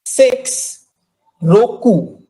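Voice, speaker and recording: A woman teaching a language class, repeating each word slowly and drilling pronunciation. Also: on the high side, animated, dark tone, poor audio. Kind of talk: slow, careful language lesson.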